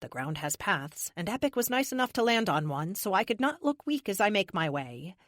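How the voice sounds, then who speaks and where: A woman's voice: medium pitch, sing-song, normal speed, a bit bright, no echo, clean studio sound. Woman narrating a first-person audiobook. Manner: wry, sarcastic first-person storytelling.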